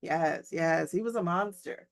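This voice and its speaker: A woman's voice: lowish voice, unhurried, vocal fry. Woman reading a courteous old-world general. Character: suave aristocratic male general, polite host.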